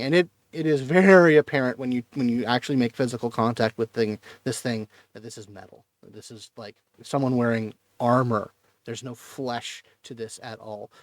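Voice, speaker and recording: A man running a tabletop game as game master, describing scenes in an unhurried way. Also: mid-range voice, no room sound.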